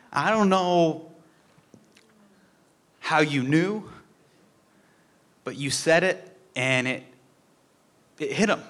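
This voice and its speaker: A man's voice: a little high, expressive, extremely slow, long pauses, a bit bright. A young man giving a heartfelt tribute speech, telling a personal story and acting out the quotes.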